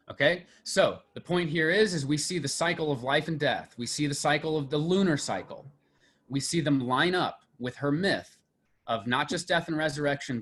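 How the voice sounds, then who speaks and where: A man's voice: mid-range voice, a bit bright. Man lecturing with eager, searching enthusiasm. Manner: enthusiastic, thinking aloud with fillers and restarts. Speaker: mythology and film teacher. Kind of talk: lecture to a class.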